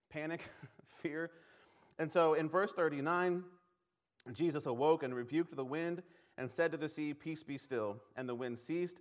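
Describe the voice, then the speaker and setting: A man's voice: fairly high pitch, a bit bright. A man preaching a conversational sermon, often laughing and acting out scripture lines in his own voice.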